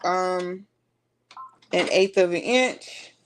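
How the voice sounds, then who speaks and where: A woman's voice: lowish voice, drawn-out words, slight background noise. A woman, chatting casually to her viewers as she works through a sewing tutorial. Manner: chatty, talks to viewers while working. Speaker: sewing vlogger.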